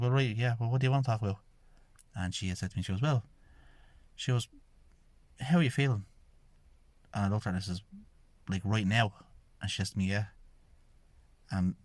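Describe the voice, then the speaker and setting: A man's voice: lowish voice, dry recording. An Irish man, a shamanic healer, telling his own story in a rambling monologue that keeps repeating "I says" as he retells conversations. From Ireland. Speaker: podcast host, shamanic healer.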